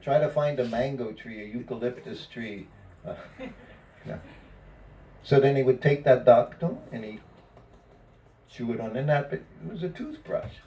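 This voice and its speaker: A man casually telling anecdotes to a small group, laughing often and acting out what others said. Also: medium pitch. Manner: laughs often, quotes others in lively asides. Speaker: former personal servant recalling memories. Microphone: phone or camera from a distance. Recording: distant phone recording.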